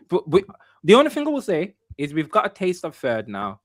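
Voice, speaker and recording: A man's voice: sits high, huge pitch swings, a little fast, a bit bright, no echo. A man hosting a casual football fan podcast, upbeat and chatty, with frequent "um, but yeah" fillers. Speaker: podcast host.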